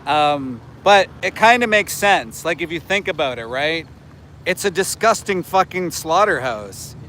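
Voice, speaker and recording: An activist in his forties livestreams outdoors near a slaughterhouse by homes, talking back to his chat with scolding sarcasm. His slightly high voice is bright and forceful, with lively intonation at a measured pace, and a little hiss or hum comes through.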